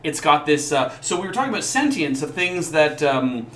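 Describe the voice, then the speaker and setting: A man's voice: on the high side, very animated, normal speed, a bit bright, echoey room, slight background noise. A man co-hosting a casual podcast, talking enthusiastically and rambling between points. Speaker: podcast co-host. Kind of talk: casual chat.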